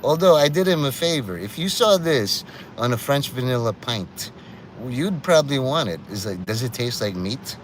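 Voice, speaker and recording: A man's voice: medium pitch, animated, normal speed, a little hiss or hum. A man hosting a livestream, rambling and profane, often laughing at his own jokes. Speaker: livestream host.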